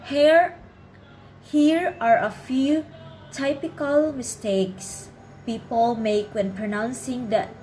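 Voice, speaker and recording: A woman, narrating a pronunciation lesson in a careful, clearly enunciated way. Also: a little high, a little mellow, poor audio. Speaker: pronunciation teacher. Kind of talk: scripted instructional narration.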